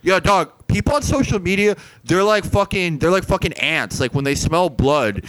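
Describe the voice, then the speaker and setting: A man playing a crude, self-absorbed influencer host on a comedy podcast, rambling and swearing, getting louder when worked up. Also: mid-range voice, lively intonation, normal speed, slight background noise, close to an everyday voice, rough recording. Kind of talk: improvised comedy podcast, deadpan parody.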